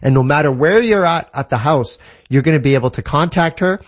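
A man's voice: on the high side, animated, brisk, muffled recording. A man from Canada explaining a tech product in an enthusiastic, casual way, with lots of examples and fillers. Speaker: tech guest.

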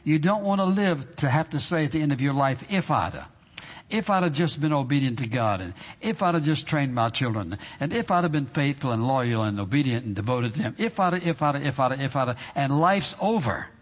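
A man preaching to a congregation. His voice rings through a large hall with a long reverb tail, and the sound is a little dull. He stresses his points hard and slows right down when he reads scripture. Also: medium pitch, animated. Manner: emphatic preaching with slow drawn-out scripture readings and repeated phrases. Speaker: pastor. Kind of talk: sermon. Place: church sanctuary.

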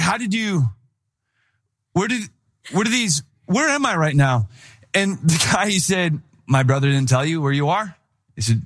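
A young adult man, a pastor, preaching a sermon in a lively, conversational storytelling way. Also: fairly high pitch.

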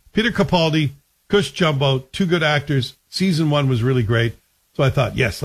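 A man talking casually about a TV series in a chatty, wry way, asking rhetorical questions. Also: on the high side. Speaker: TV reviewer. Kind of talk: casual spoken TV review.

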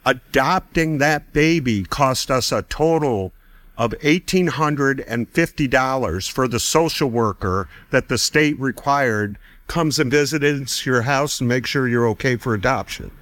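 A man's voice: mid-range voice, unhurried, no room sound. A man casually telling a personal faith story, acting out the people he quotes and laughing now and then. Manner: animated, acts out quoted voices, laughs often. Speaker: storyteller sharing testimony.

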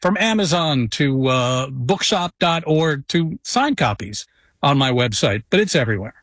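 A man guesting on a casual sports chat, upbeat and relaxed. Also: mid-range voice, a little slow, no echo. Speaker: guest, graphic artist and author.

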